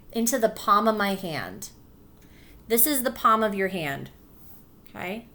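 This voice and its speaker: Gentle woman reading aloud to children. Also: medium pitch. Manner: gentle, coaxing, pauses to ask questions and spells letters slowly. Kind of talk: children's read-aloud with comprehension questions.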